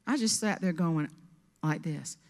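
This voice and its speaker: A woman with a Southern US accent, a motivational speaker and humorist telling a comic story on stage, sassy and animated. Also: lowish voice, a little slow. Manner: sassy, animated, acts out every voice. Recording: long reverb of a large hall.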